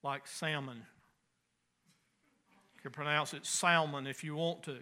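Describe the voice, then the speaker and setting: A pastor preaching a sermon in a folksy, conversational way with homespun asides. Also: male voice, a little high, little pitch movement, quick pace, pushed and bright.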